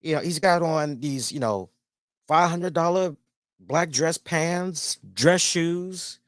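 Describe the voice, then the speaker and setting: A man's voice: fairly high pitch, takes it slowly, no room sound, studio quality. A man hosting a casual review show, telling a rambling story with plenty of swearing. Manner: animated, rambling, swears freely. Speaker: host and columnist.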